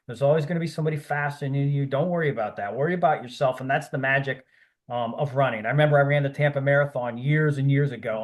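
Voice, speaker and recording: Rambling, encouraging man guest. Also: mid-range voice. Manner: rambling, encouraging, many fillers and restarts. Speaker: podcast guest, ultrarunner. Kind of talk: casual interview talk.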